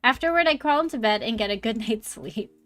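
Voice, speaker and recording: A woman's voice: a little high, animated, a little fast, a bit bright. A young woman streaming a dating game, reading its text aloud and chatting casually, giggling often and using one voice for every character.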